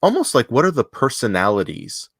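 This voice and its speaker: A man's voice: mid-range voice, wildly swooping pitch, brisk, a bit bright, slightly rough, no echo, clean studio sound. A man co-hosting a business podcast in casual chat, joking and loose, often restarting sentences. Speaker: podcast co-host.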